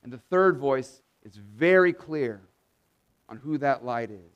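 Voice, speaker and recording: A man's voice: medium pitch, animated, slow pace, lo-fi sound. A male pastor preaching an earnest sermon, reading verses and rising to emphatic proclamation when quoting scripture and promises. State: tired.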